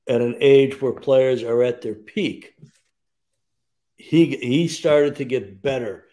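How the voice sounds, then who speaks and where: A man in his sixties, a baseball executive guest on a sports radio interview, telling stories at a measured pace with frequent fillers. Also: medium pitch, warm tone. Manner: measured storyteller, frequent "um" and "you know".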